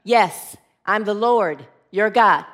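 A woman voicing God as a booming, calm, commanding presence. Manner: slow, deep and commanding.

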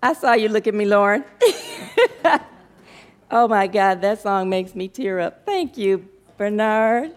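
A woman minister preaching a sermon to her congregation, animated and emotional, laughing often. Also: mid-range voice, takes it slowly, long pauses.

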